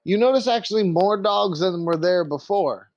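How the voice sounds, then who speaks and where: A man's voice: sits high, normal speed, no room sound, highs cut off. A man narrating as game master of a tabletop game, loose and full of fillers. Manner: loose, filler-heavy, laughing easily.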